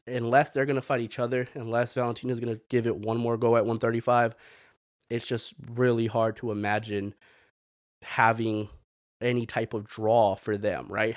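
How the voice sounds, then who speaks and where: A man's voice: medium pitch, no room sound. A man in a mid-range voice hosting a sports podcast, talking loosely and opinionatedly as he riffs on the latest fights. He rambles a little and keeps tossing in "man". The sound is close and dry, with no room around it. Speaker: podcast host. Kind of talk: casual sports commentary.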